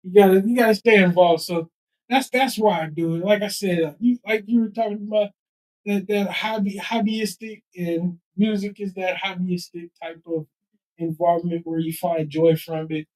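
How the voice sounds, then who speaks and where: During a relaxed interview at a live event held in a nonprofit office, a man who vends a street paper and raps wanders from point to point, repeating words, rapping and beatboxing. His high voice is a little mellow, with fairly even intonation at normal speed, on a rough recording.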